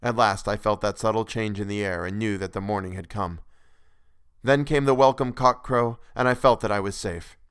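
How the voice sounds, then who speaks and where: A man's voice: fairly low pitch, normal speed, fairly bright tone, clear, resonant tone, no echo. A man narrating a classic novel in the first person with earnest, dramatic delivery, recorded on a close microphone.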